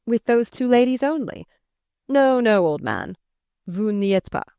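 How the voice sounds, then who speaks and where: A woman voicing a charming, flustered gentleman who speaks to a child fondly and teasingly but uneasily, in an audiobook. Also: on the high side, expressive, unhurried, gravelly, clear, resonant tone, no room sound, voice pushed up.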